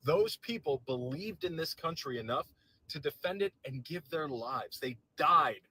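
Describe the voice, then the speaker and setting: Husky-voiced man ranting in anger. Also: fairly high pitch, lively intonation, unhurried, bright, forceful tone, low-quality recording. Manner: heated, profane and sarcastic. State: agitated. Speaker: political commentator. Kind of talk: angry political rant to camera.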